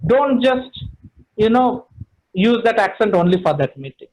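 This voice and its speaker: A man's voice: sits high, lively intonation, measured pace, darkish tone, poor audio. A man, speaking as a trainer in an online session from home, emphatic and repeating phrases for stress.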